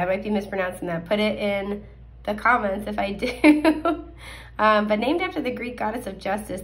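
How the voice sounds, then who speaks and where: A young woman chats her way through a casual tarot reading, speaking at a middling pitch. Her voice is scratchy, and she fills her talk with ums and little laughs. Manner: chatty, many fillers and little laughs. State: scratchy voice, coughing. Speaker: tarot card reader. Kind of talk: casual pick-a-card reading.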